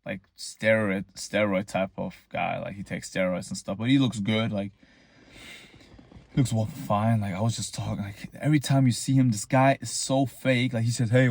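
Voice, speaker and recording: A man's voice: on the low side, steady tone, normal speed, vocal fry, a little mellow. A young man, rambling casually in a boastful, tongue-in-cheek monologue. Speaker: vlogger.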